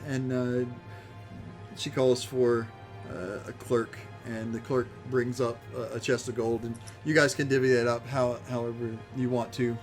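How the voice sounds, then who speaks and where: A man narrating as game master for a tabletop game, with halting, filler-heavy delivery. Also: medium pitch, level tone, faint music behind.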